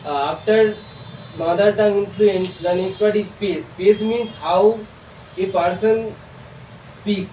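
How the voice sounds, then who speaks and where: Slowly and with fairly even intonation, an Indian-accented man from India presents prepared material as a student, stalling on fillers and starting over often. His voice is high and a little mellow, picked up at a distance in a reverberant room with a faint hiss.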